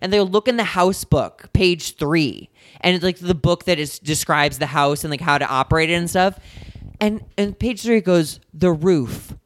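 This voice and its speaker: Smooth-voiced man telling a story. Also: high-pitched, moderate pace, no room sound. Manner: animated, dramatic storytelling with quoted asides. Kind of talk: casual chat, storytelling.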